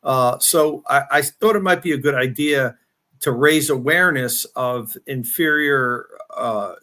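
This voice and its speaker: A man's voice: mid-range voice, a little slow, sharp tone. A man guest on a podcast, explaining his project casually with some fillers. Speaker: podcast guest, channel creator. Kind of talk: casual interview answer.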